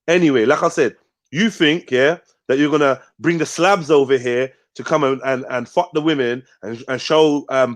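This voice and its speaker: A man hosting a live panel show, arguing confrontationally, swearing a lot and punctuating his points with "yeah?". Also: medium pitch. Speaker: host. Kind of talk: heated live panel debate.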